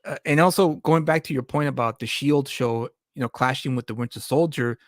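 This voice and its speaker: A man's voice: mid-range voice, fairly quick, dry recording, clean studio sound. Rambling talkative man on a live stream. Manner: rambling, repeats words when starting sentences. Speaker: podcast host and comic creator. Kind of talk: casual live-stream chat.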